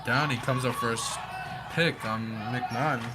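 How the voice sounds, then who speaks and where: A man's voice: mid-range voice, steady tone, normal speed, over a noisy crowd. A young man doing easygoing, slightly unpolished play-by-play commentary for a school basketball game. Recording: noisy gym ambience behind.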